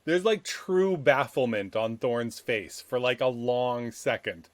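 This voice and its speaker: Slow-talking man describing his character. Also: mid-range voice, over a noisy crowd. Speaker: player. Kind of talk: narrating a character's actions in tabletop role-play.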